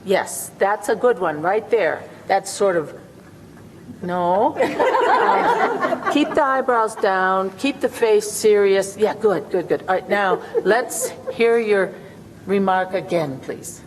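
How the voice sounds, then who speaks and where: A woman's voice: medium pitch, sing-song, slow. Woman playfully role-playing a coach. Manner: mock-earnest, coaxing, playful. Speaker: workshop co-presenter. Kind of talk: improvised role-play as a coach. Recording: reverberant hall, faint hum.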